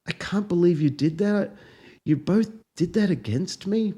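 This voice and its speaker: A man voicing a polite, mild-mannered middle-aged husband who speaks with gentle formality. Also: sits high, expressive, a little slow, slightly rough, heavily acted. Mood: bewildered.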